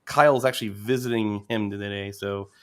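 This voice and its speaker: A man's voice: lowish voice, fairly even intonation, moderate pace, smooth. Friendly man co-hosting a stream. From South Florida. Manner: friendly, a bit self-deprecating. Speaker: livestream co-host. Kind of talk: casual livestream chat.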